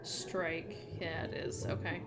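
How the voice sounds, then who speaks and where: A woman's voice: on the low side, little pitch movement, slow, loud music behind the voice. A woman giving casual commentary while playing a game, chatty and musing aloud. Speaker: gameplay streamer. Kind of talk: casual let's-play commentary.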